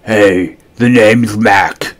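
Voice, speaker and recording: A man voicing a big, scruffy boy monster who slurps and whines his lines slowly. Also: fairly low pitch, fairly even intonation. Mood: grumbling. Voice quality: slurping, whiny.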